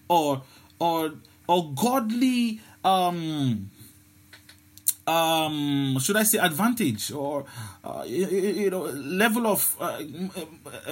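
A man's voice: on the high side, husky. A man preaching a sermon, often repeating words and restarting his sentences.

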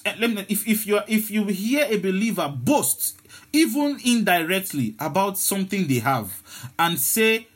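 A man's voice: sits high, very animated, moderate pace, a bit bright, husky. A man preaching a sermon, often repeating words and restarting his sentences.

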